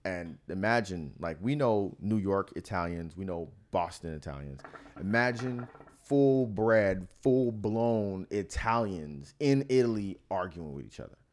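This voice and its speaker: An American man co-hosting a podcast, telling a story in a laid-back, frank, animated way and acting out the people in it. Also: sits low, measured pace. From United States. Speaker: podcast co-host. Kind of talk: casual chat, storytelling.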